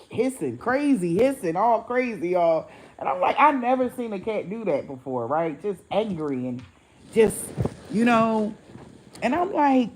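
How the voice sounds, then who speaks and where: A woman's voice: medium pitch, normal speed, poor audio. A woman vlogger, telling a story casually to her viewers, acting out the voices in it and swearing freely. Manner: animated, acts out voices in quotes, swears freely.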